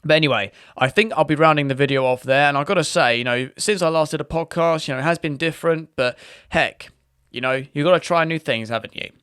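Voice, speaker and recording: A British man chatting casually as a video host, rambling and restarting his sentences. His voice sits a little high for a man, recorded close and dry with no room sound. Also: fast talker, fairly bright tone, smooth, dry recording. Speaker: YouTube host. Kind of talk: casual commentary.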